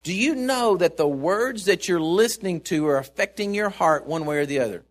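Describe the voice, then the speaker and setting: A man with a high voice preaches a sermon to his congregation. He swells on the lines he wants to land and drops quiet and low for asides. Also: animated, moderate pace. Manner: emphatic, rising to stressed points and dropping low for asides.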